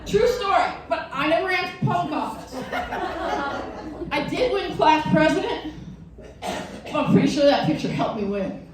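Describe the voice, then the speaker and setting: Doing a stand-up set at a venue with a live audience, a middle-aged woman from Wisconsin uses a high voice at a moderate pace with long pauses. She tells animated stories full of mocking voices, caught on a distant mic in a roomy space with crowd noise and laughter.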